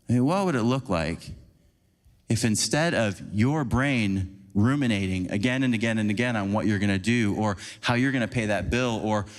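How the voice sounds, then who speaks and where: A man giving a conversational, animated sermon as a preacher, acting out little scenes for the congregation. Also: fairly low pitch, moderate pace. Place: church sanctuary. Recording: long church hall reverb.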